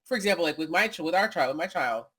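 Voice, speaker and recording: A woman's voice: on the low side, expressive, rapid-fire, a bit bright, slightly rough. Rambling American woman co-host. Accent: General American. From United States. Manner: rambling, tangential, says "you know what I mean". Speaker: podcast co-host. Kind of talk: casual podcast chat.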